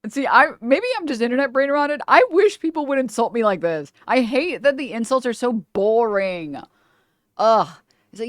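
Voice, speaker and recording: A woman's voice: a little high, lively intonation, normal speed, no echo. A young woman streaming a reaction, her voice dry and close with no room sound. She laughs a lot, swears casually, and trades sarcastic jabs at what she's watching.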